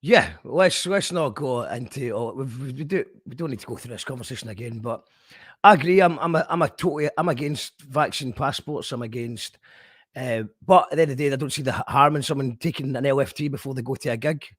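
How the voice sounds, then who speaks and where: A man hosting a casual radio show, talking hesitantly with many pauses and restarts as he reads out listener messages and chats. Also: medium pitch, breathy edge, no echo, studio quality.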